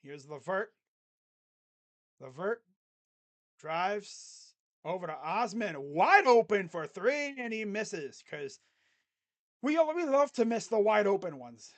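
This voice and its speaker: A fan streamer calling a basketball game live, play-by-play style, mixing excited calls with sarcastic jokes and quiet mutters. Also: mid-range voice, slow pace, long pauses. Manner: joking, sarcastic asides. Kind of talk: casual live play-by-play reaction.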